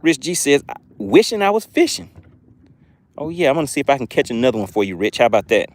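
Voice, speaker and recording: A man's voice: medium pitch, expressive, very fast. Man, Southern US accent, fishing livestream host, outdoors, reads chat comments aloud, friendly, chatty, laughs easily. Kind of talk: live-stream chat while fishing.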